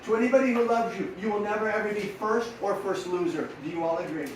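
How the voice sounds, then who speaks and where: Middle-aged male coach, high-pitched, energetic motivational talk, recorded far off in a reverberant hall. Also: fast talker, a little hiss or hum. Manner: energetic, rhetorical questions to the audience. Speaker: sports mental coach. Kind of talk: motivational talk to young riders. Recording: echoey room, mic at a distance.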